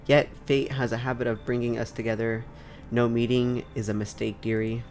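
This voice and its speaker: A man's voice: medium pitch, little pitch movement, moderate pace, darkish tone, soft background music, lightly acted. A man voicing a nosy, folksy old woman while reading game dialogue aloud. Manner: old-fashioned folksy phrasing.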